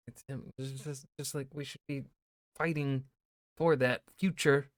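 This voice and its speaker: A man's voice: mid-range voice, fairly even intonation, takes it slowly, dry recording, studio quality. A man reacting to a history video, chatting loosely with plenty of swearing and "right?"s. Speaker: YouTube host reacting to a video. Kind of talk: casual reaction commentary.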